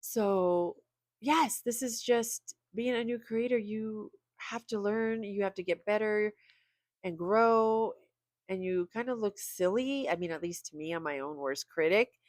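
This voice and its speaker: A woman's voice: medium pitch, unhurried, no echo, studio quality. A tired middle-aged woman chatting candidly and a little ramblingly to camera as a video creator. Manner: candid and rambling, with small laughs. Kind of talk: casual vlog talk to camera.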